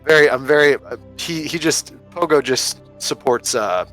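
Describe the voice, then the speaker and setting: A man's voice: a little high, moderate pace, fairly bright tone, soft background music, rough recording. A man playing a tabletop game, chatting casually with the other players in a rambling, joking way and laughing often. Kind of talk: casual chat between players.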